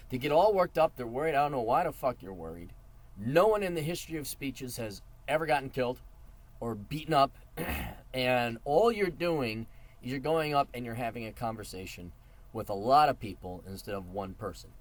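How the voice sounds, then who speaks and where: A man's voice: medium pitch, expressive, moderate pace. A middle-aged man giving advice in a casual monologue, blunt and profane with a mocking edge.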